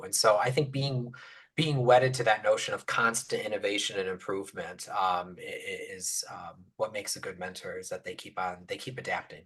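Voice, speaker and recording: A man speaking as a panelist, reflective and full of fillers, often trailing off quietly. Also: lowish voice, steady tone, normal speed, breathy edge. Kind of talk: academic panel discussion.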